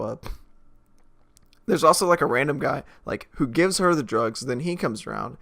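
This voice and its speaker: A man's voice: medium pitch, gravelly. A man giving a rambling, casual movie review, full of filler words and chuckles. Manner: rambling, many filler likes, laughs as he talks. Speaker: film reviewer.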